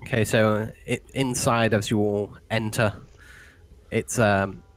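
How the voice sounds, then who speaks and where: A man's voice: fairly low pitch, steady tone, a little slow, no echo. A man narrating as game master in a loose style, full of fillers.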